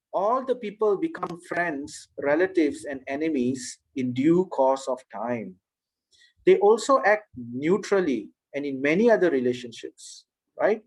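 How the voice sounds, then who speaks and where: A man's voice: high voice, rough recording. A man voicing a wise old soul in a child. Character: ancient wise soul in a boy's body.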